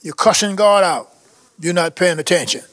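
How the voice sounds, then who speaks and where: A man's voice: sits high, moderate pace, a bit bright, dry recording. A man preaching a charismatic sermon, fervent and exhorting, repeating phrases and breaking into tongues and chuckles.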